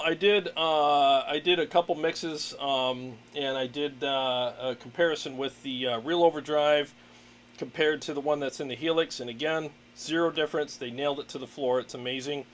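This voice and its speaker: A man's voice: fairly high pitch, moderate pace, a little hiss or hum. Chatty man hosting a livestream. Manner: relaxed, chatty, laughs often, many fillers. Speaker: livestream host, guitarist. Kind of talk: casual livestream chat.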